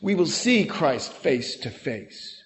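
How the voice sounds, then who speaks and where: A man preaching a sermon as pastor, earnest and emphatic, with quick conversational asides. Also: on the high side, big pitch swings, fairly bright tone. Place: church sanctuary. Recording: long hall reverb.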